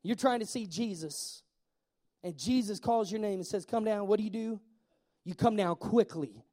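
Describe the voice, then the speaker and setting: A man preaching a sermon in a lively way, asking the congregation questions and slowing down to stress key words. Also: high-pitched. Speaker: pastor.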